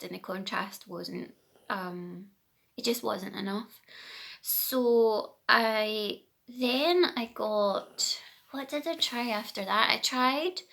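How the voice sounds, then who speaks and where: A woman's voice: mid-range voice, gravelly, fairly bright tone. A Scottish woman chatting casually to her phone camera as a knitting podcast host, rambling and correcting herself as she goes. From Scotland.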